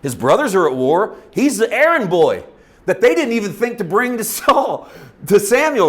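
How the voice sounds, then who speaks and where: Man, Bible teacher, casual storytelling, informal, laughs often, slightly high voice. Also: big pitch swings, moderate pace, a bit bright.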